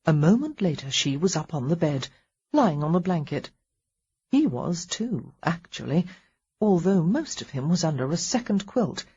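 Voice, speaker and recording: Husky low-voiced female narrator. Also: moderate pace, highs cut off. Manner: calm, even storytelling. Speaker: audiobook narrator. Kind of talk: scripted narration.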